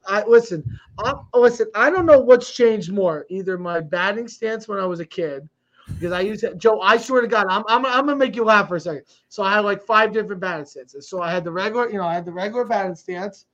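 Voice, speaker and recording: Male podcast co-host, high pitch, playful storyteller, a bit lo-fi. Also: fast talker, fairly bright tone. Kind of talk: casual storytelling chat.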